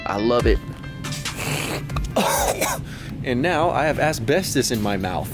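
Young man, vintage-shopping vlogger, joking banter, excited outbursts, music playing behind him. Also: mid-range voice, slow pace. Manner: playful, joking, bursting into excited exclamations. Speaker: vintage clothing reseller and vlogger. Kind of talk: casual running commentary while thrifting.

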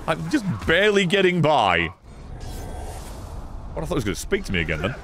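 A man's voice: a little high, wildly swooping pitch, fairly quick, fairly bright tone, faint music behind. A man streaming a game live, commenting sarcastically, talking back to the characters on screen and swearing often.

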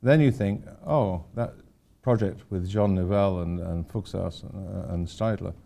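A man's voice: deep voice, measured pace, creaky, mellow. An older man giving an informal architecture lecture to students, rambling with wry, self-deprecating asides. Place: lecture hall at a university.

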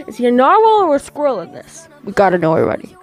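Young-sounding woman reading fan fiction aloud: very animated, high pitch, giggles and stumbles, chats between lines. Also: quick pace, soft background music. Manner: giggly, stumbles over words, chatty asides. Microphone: desk microphone.

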